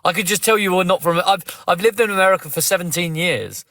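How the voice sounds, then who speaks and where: A man's voice: high-pitched, fast, bright, forceful tone, no room sound. An English man hosting a live phone-in stream in a casual, blunt and confrontational way. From England. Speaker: live stream host taking callers.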